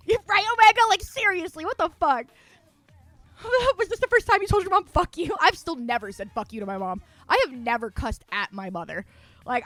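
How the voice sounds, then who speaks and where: A young woman streamer telling a story in casual chat, animated and foul-mouthed, acting out her own quotes and laughing often. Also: high-pitched, no echo.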